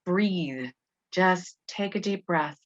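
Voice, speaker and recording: A woman's voice: fairly low pitch, slow. A middle-aged woman educator giving a casual talk to parents, chatty, with frequent restarts and fillers. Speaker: Montessori school educator. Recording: dull lo-fi audio.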